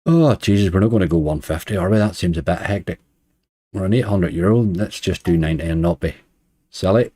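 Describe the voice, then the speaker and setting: A man's voice: sits low, a little fast, dark tone, slightly rough, no room sound, clean studio sound. A middle-aged man with a Northern Irish accent, streaming online slots and chatting casually while grumbling at the game. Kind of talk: casual live-stream commentary.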